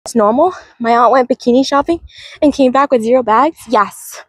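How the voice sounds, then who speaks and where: Woman, livestream chat, walking outdoors in a park, slightly high husky voice, dry phone sound. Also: moderate pace, dry recording, low-quality recording. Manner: chatty, greets viewers by name, laughs easily.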